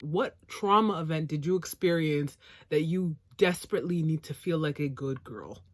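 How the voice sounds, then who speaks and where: A woman's voice: sits low, moderate pace, background noise. A woman chatting casually about an anime episode, rambling and blunt, swearing freely. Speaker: anime reviewer, co-host. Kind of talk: casual chat.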